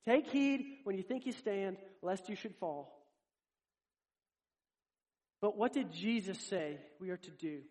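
A man with a notably high voice delivers a sermon. He is earnest and direct, and he addresses his congregation as if talking with each of them. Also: unhurried, long pauses, a little mellow. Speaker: preacher.

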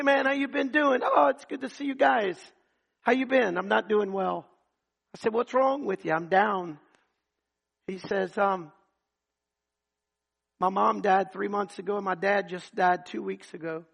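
A man preaching a sermon, telling testimony stories, swinging from loud emphatic passages to hushed ones. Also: high-pitched, vocal fry, husky.

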